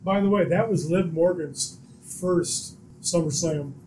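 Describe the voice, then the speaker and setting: A man's voice: fairly high pitch, measured pace, a little mellow, a little hiss or hum. A man co-hosting a casual wrestling podcast, adding dry interjections. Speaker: podcast co-host. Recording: echoey room mic.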